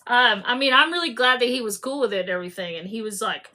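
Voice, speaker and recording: A woman hosting a casual book club discussion, animated and laughing as she acts out scenes. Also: fairly high pitch, quick pace.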